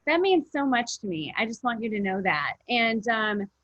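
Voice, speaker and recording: A woman's voice: on the high side, sing-song, no echo, dull audio. A woman, a fitness coach, speaking as a guest on a video call in an earnest, rambling way. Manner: warm, earnest, rambling, with quick laughs. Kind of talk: casual motivational talk.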